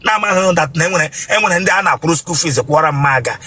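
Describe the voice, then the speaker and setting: A man with a Nigerian Igbo accent hosting a comic street interview, ranting in sing-song bursts and mock-scolding shouts. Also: a little high, quick pace, few pauses, a little hiss or hum.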